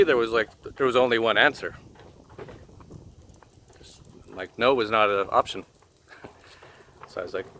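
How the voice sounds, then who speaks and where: A man casually telling a personal story, emotional and halting, often laughing softly and filling pauses with "like" and "uh.". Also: lowish voice, slight background noise. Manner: emotional and halting, laughs softly between phrases, many fillers. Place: home in Mexico.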